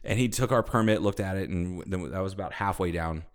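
A man's voice: deep voice, fairly quick. A man co-hosting a podcast, telling a road trip story in casual chat, swearing freely and acting out quoted people. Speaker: podcast co-host.

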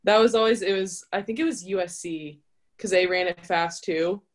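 A woman's voice: lowish voice, normal speed. A woman in casual chat as a volleyball player and guest, emphatic and laughing often as she acts out her own thoughts.

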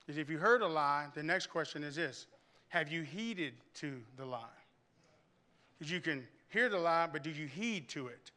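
A pastor with a slightly high voice preaches at a moderate pace, telling lively stories during his church sermon. He frequently starts sentences over and tosses questions out to the congregation.

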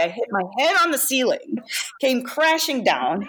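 A woman, a guest makeup artist, telling stories in a casual chat, lively and laughing often. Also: on the high side, moderate pace. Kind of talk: casual storytelling.

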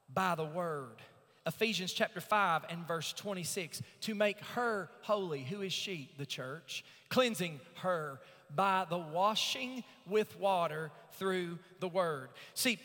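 Delivering a sermon from the pulpit, a pastor with a bright, high voice that cuts through the room builds to loud, emphatic swells after slow, drawn-out scripture readings. The church sanctuary adds a long, hanging reverb.

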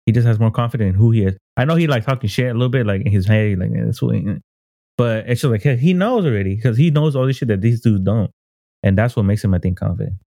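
A man in a casual chat about anime and games, speaking fast in a dark, mellow voice. He talks in quick slang and keeps calling his friends "bro". The sound is dry and close. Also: on the low side, expressive, no room sound.

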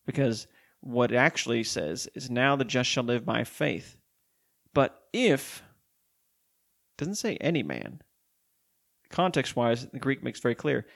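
A man delivers a sermon, working through Bible verses one after another. His voice has a gravelly edge, and his pitch sits in an ordinary middle range. He slows down to read each passage and then explains it with firm emphasis. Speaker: preacher. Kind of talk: sermon reading and explaining scripture.

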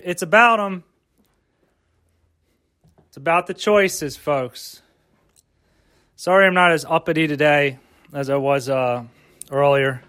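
Podcast host, male, high-pitched speaking voice, rambling and profane, fires off rhetorical questions. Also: bright, forceful tone. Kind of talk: rambling solo podcast rant.

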